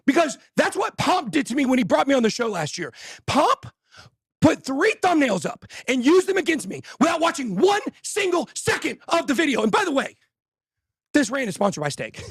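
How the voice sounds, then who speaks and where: A man hosting a show, shouting angry, fired-up insults in a breathless rant. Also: very high voice, sing-song, moderate pace, no room sound, studio quality. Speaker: host. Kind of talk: ranting livestream talk.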